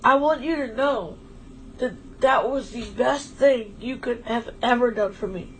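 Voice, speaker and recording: A woman with a slightly high voice chats casually on a stream, heartfelt and a little rambling. She sounds emotional and grateful, with faint background noise under her voice. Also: a little slow, rough recording. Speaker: livestream co-host.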